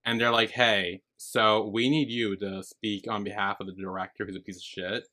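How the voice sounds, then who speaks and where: Bright-voiced man in casual recap chat. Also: moderate pace. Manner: animated, swears freely, acts out characters' lines. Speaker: podcast co-host. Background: squeaky chair.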